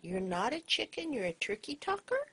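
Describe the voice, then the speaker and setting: Woman, pet owner, doting baby talk to her bird; high-ish, lively melody, slips into whispers. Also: brisk, slightly rough. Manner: coaxing, sing-song, drops to soft whispers at times.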